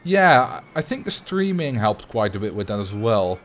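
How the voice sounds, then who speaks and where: A man's voice: lowish voice, big pitch swings, moderate pace, a bit bright. A man with a light Dutch accent, chatting casually and animatedly to viewers on a livestream. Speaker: streamer.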